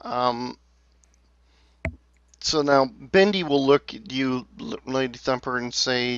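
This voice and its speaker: A man running a tabletop game as game master, talking haltingly with many fillers and restarts. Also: medium pitch, a bit bright, smooth, no echo, highs cut off.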